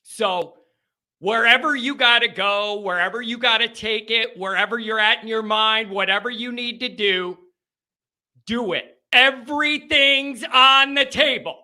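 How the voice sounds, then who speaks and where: A man's voice: high-pitched, steady tone, measured pace. A man hosting a post-game football call-in show, ranting and repeating himself with worked-up intensity. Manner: worked-up, yelling, repetitive ranting.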